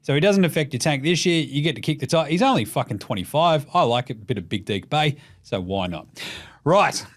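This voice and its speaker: An Australian man hosting a casual basketball podcast, swearing freely and putting on quick voices for jokes. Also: a little high. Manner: animated, profane, mimics voices for jokes. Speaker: podcast host.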